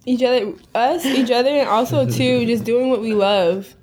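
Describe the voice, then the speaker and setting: A woman's voice: fairly high pitch, fairly even intonation, normal speed, a little mellow. A young woman from Minnesota, a podcast guest talking in an eager, chatty way and finishing her twin's sentences. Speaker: guest, eyewear designer. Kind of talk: casual podcast interview.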